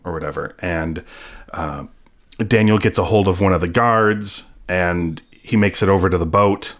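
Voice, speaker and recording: A man's voice: low-pitched, normal speed, a bit bright. A man casually recapping a TV episode as a podcast host, rambling along with fillers and playful asides. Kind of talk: casual chat.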